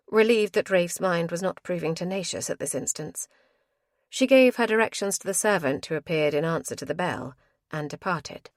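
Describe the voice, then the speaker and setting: A woman with a fairly low voice narrates an audiobook in a measured, even storytelling manner. The scripted narration is studio quality, with no echo.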